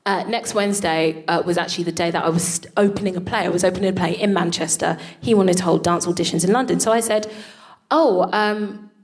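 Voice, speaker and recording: A woman co-hosting a show, telling comic stories on stage in an animated way, swearing and laughing often. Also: lowish voice, fast talker, few pauses. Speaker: co-host. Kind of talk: comic storytelling before a live audience. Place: live stage.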